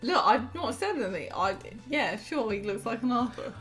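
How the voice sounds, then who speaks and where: A woman's voice: fairly high pitch, expressive, moderate pace, a bit bright, faint music behind. A woman co-hosting a game stream, dropping dry, teasing comments at her brother. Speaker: co-host, sister. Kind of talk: casual chat.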